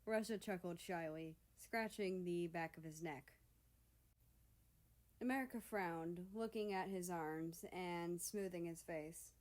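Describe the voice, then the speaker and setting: A woman narrating a fan fiction story in an expressive, steady reading voice. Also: lowish voice, slow pace. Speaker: story reader.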